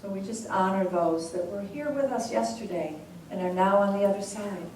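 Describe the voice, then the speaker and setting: A woman minister leading a congregation in slow, measured sutra chanting, then speaking softly and conversationally. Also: medium pitch, slight background noise. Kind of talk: call-and-response sutra chanting and sermon. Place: large hall with a congregation. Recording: echoey hall, voice from far off, congregation audible.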